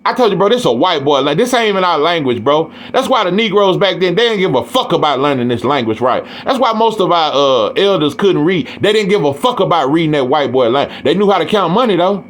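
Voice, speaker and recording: A man's voice: fairly high pitch, big pitch swings, a little fast, few pauses. Profane East Texas man ranting. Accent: East Texas Southern US. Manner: blunt, profane, heated, repeats himself. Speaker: boxing commentator. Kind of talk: ranting monologue.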